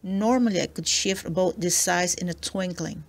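A woman reading aloud, voicing a huge, sad, stranded sea monster in a children's storybook. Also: lowish voice. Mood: weary. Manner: pleading, weary, drawn-out.

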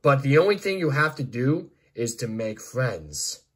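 A man voicing a cheerful, friendly male builder in an amateur storybook act, talking slowly and gently. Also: medium pitch, sing-song, breathy edge. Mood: upbeat.

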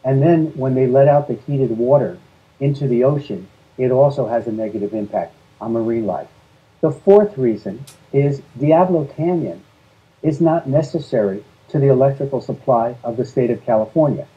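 A man with a medium-pitched voice at normal speed answers interview questions earnestly as a guest who advocates on energy policy. He is steady and methodical, listing his points in sequence. The recording's highs are cut off.

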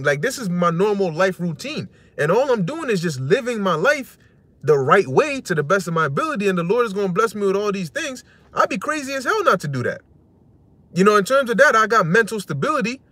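A man's voice: high-pitched, fairly bright tone, dry recording. A man giving a casual religious talk, slangy and conversational, full of "you know" and short laughs. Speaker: religious teacher.

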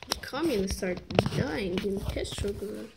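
A woman's voice: mid-range voice, expressive, a little slow, vocal fry. A woman reviewing a strategy game in rambling, joking commentary that keeps interrupting itself. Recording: noisy recording with clicks.

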